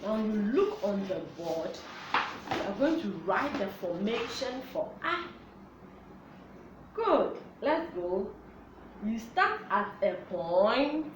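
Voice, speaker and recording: Woman teacher, high bouncy voice, super slow singsong for little kids, echoey room with a bit of noise. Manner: slow, sing-song, animated for young children. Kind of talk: children's phonics lesson.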